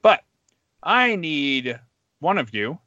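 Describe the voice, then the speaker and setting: A man hosting a podcast in casual chat, speaking hesitantly with many pauses and restarts. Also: a little high, big pitch swings, sharp tone, no echo, highs cut off. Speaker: podcast host.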